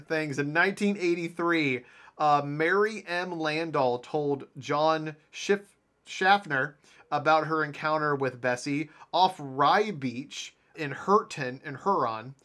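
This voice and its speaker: A man's voice: a little high, slow pace, fairly bright tone. A man co-hosting a podcast, retelling lake monster sightings in a rambling casual chat with many fillers and frequent laughs. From Ohio. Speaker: podcast co-host.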